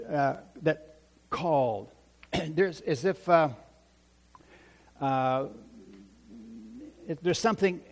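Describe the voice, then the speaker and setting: A man preaching a sermon in a church, slow and emphatic, repeating key phrases for stress. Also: a little high. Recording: long reverb of a large hall.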